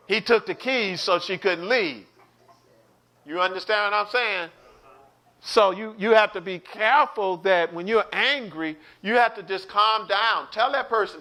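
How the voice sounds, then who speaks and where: A high-voiced man gives an online Bible study sermon. His voice is bright and forceful, and he preaches with animation, acting out quotes and calling out to his listeners. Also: unhurried.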